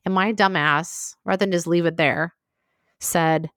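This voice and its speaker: Female solo podcast host, lower register, candid conversational delivery, dry close-miked sound. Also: steady tone, measured pace, a bit bright, no room sound. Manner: frank, conversational, full of asides.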